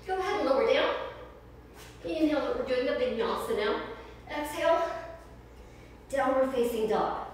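A high, bright-voiced woman guides a home yoga flow in an upbeat, chatty way, counting reps and drifting into tangents while a little winded. She is picked up from across a very echoey room, with a faint hiss under her voice. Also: animated, normal speed, pauses often, distant mic. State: slightly out of breath. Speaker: yoga instructor. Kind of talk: guided home workout livestream.

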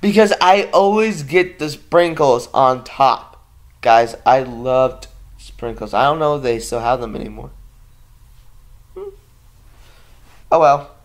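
In this home vlog, a vlogger talks to his audience in a mid-range voice, speaking slowly with long pauses. He sounds sleepy and yawns, rambling through plenty of ums and false starts.

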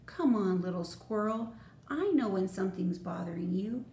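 A woman playing a gentle, patient mother. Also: medium pitch, lively intonation, moderate pace, natural voice. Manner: soft, gentle, reassuring. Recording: roomy echo, faint noise.

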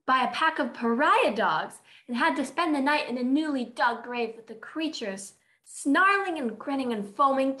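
A woman playing a composed teenage girl telling a tale in a calm, matter-of-fact way, in a stage reading. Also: sits high.

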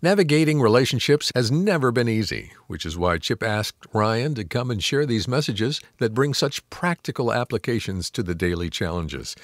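A man reads scripted radio announcements with a lively, swinging pitch. He sits close to a studio mic and the sound is dry, with no room around it. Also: no room sound. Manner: smooth, promotional, lively delivery.

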